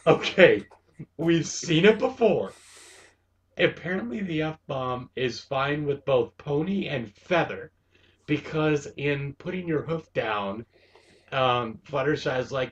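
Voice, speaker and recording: A man from Wisconsin hosting a casual cartoon review chat, excitable and gushing, often breaking into laughter. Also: on the high side, slow, dull audio. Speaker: show host reviewing a cartoon episode.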